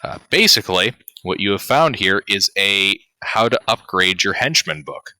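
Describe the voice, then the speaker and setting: A man narrating as game master of a tabletop game, deliberate and pausing as he describes finds. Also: fairly low pitch, lively intonation, bright, forceful tone, no echo. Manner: slow, deliberate narration with pauses.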